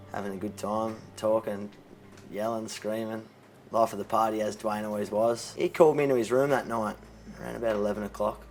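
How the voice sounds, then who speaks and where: Aussie guy in his twenties, lowish voice, stops and restarts a lot, faint music under it. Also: low-quality recording. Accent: Australian. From Australia. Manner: halting, many restarts, drops to quiet when moved. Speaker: interviewee, charity co-founder. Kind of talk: personal story told in interview.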